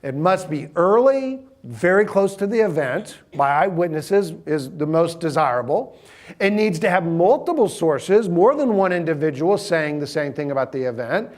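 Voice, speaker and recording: A man's voice: on the high side, lively intonation, normal speed, darkish tone. A middle-aged man, giving a sermon in a conversational, humorous storytelling manner and asking the audience questions.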